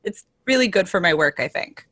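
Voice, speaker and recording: A woman, a guest author on a podcast, talking in a deadpan, self-mocking way. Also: lowish voice, a little fast, dry recording, studio quality. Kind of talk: casual podcast chat.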